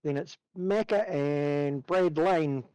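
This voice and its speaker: A man rattles off race points in an upbeat, brisk way. His voice sits notably high for a man, and the sound is dry and close. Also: a little mellow, clear, resonant tone, dry recording, low-quality recording. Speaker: points announcer. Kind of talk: reading out championship standings.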